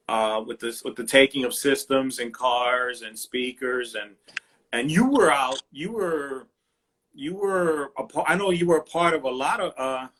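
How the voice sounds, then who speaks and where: Husky male livestream host, animated storyteller, salty language. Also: on the high side. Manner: animated, profane storyteller acting out quotes. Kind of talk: casual storytelling chat. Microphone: livestream phone mic.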